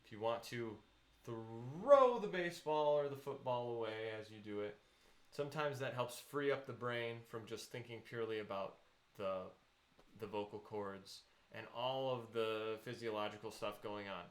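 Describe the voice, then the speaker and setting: Giving a voice lesson, a man patiently explains vocal technique and counts students into their exercises. He speaks at medium pitch and a moderate pace, with a roomy sound.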